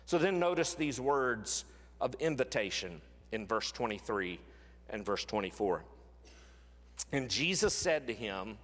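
A man preaching a sermon as pastor, earnest, slowing and dropping his voice on key phrases. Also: medium pitch, a bit bright. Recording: long reverb of a large hall.

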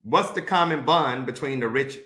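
Guy walking a class through bible verses, slow and methodical, average pitch. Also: bright, forceful tone. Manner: methodical, repeats instructions to mark the text; reads scripture aloud then pauses to direct. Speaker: Bible teacher. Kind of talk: Bible study teaching.

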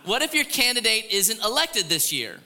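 A man's voice: high-pitched, sing-song, moderate pace, bright, forceful tone. A man preaching a conversational sermon as a pastor, often asking his congregation "right?". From Florida. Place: large church hall. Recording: long hall reverb.

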